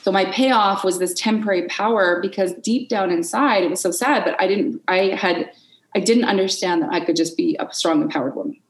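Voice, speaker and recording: A woman as a podcast guest in an unscripted conversation, candid and expressive, swearing freely and acting out her inner voices. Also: mid-range voice, brisk, echoey room, poor audio.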